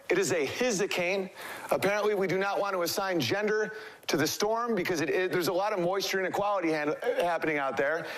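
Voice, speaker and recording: A man's voice: sits high, fairly bright tone. A man playing an overwrought mock TV weatherman. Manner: over-the-top newscaster delivery. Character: mock TV weatherman, male adult, overwrought satire. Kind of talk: satirical comedy sketch.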